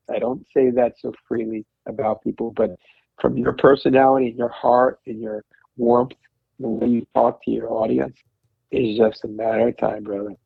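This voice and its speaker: A man telling stories and encouraging his host in a casual chat, rambling and warm-hearted. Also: mid-range voice, creaky, breathy edge, no echo. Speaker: podcast host as guest. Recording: dry tinny phone-line sound.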